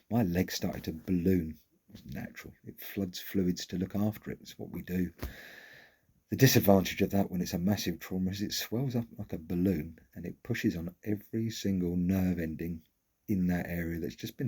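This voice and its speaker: A man's voice: low voice, a little mellow, breathy edge. A middle-aged man tells a personal story in a frank, candid way and swears casually.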